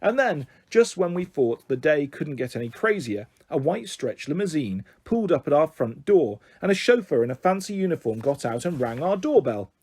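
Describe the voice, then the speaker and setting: A man reading a children's story aloud in an animated, expressive way. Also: fairly high pitch, normal speed, hardly any pauses, husky, dry recording, studio quality.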